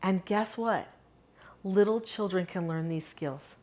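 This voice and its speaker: A middle-aged woman teaching a parenting lesson to camera, upbeat and moving between animated and calm delivery. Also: mid-range voice, measured pace. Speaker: parenting educator.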